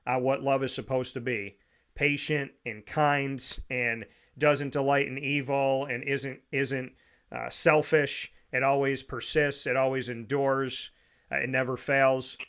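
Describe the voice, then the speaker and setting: Male sports show host, chatty, upbeat, sincere, average pitch. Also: level tone, measured pace, a bit bright, clear, resonant tone. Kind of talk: casual sports talk show.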